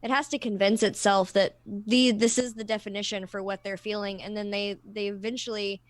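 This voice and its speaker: A woman's voice: mid-range voice, little pitch movement, moderate pace, no room sound. A woman co-hosting a casual panel discussion, explaining ideas thoughtfully with personal examples and frequent restarts. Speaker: co-host of a discussion livestream.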